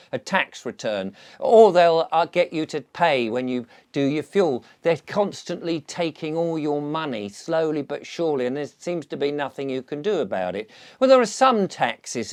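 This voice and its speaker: A man's voice: mid-range voice, a little mellow. An older English man talking to camera in a chatty, theatrical monologue, slipping into comic voices. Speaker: vlogger.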